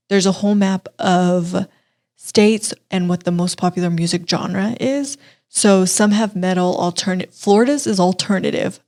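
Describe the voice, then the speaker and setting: A woman's voice: mid-range voice, a little mellow. A woman from Texas hosting an entertainment web segment, talking casually and chattily with easy laughs and self-deprecating asides. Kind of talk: casual web show chat.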